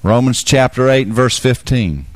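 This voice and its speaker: A man giving a sermon, explaining scripture with homely examples and rising into loud, fervent preaching. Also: lively intonation, moderate pace, dry recording. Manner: builds to loud, high-pitched fervent preaching. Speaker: Bible teacher.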